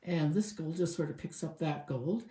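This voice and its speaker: With some echo from the room around her, a woman speaks at a moderate pace in a fairly low voice. She demonstrates a craft project in a laid-back tutorial, chatty and filling pauses as she thinks aloud.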